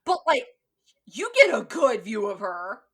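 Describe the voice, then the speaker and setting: A woman's voice: fairly high pitch, sing-song, unhurried, a bit bright, breathy edge. A woman co-hosting a film podcast, chatting casually and swearing freely, with lots of "like" and frequent laughter. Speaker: podcast co-host. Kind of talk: casual chat reviewing a film.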